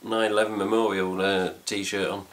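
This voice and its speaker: A middle-aged man with an English accent talks casually to camera from his home, hosting a fan news update. His voice sits very low. He rambles and drops mild swear words throughout. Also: level tone, moderate pace, fairly bright tone, slight background noise. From England. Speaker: fan site host. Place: home room with cats.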